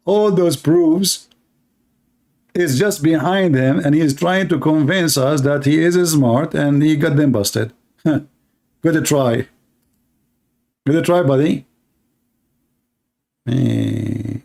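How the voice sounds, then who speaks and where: A man's voice: on the high side, slow pace, creaky, pauses often, darkish tone. A man giving sarcastic live-stream reaction commentary on a clip, rambling and mocking in broken English.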